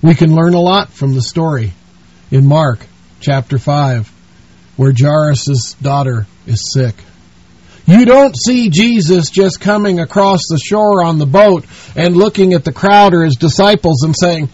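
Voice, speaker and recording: A man's voice: a little high, animated, measured pace, a little mellow, dry recording. A man preaching a sermon in an earnest, pleading way, speaking to the listener as a friend, on a dull lo-fi recording.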